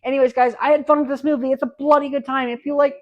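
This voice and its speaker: A man's voice: very high-pitched, flat delivery, rapid-fire, muffled recording. An eager young man in his late twenties chats through a casual movie review vlog. His talk is loose and rambling, full of restarts, asides and gushing enthusiasm. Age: late 20s.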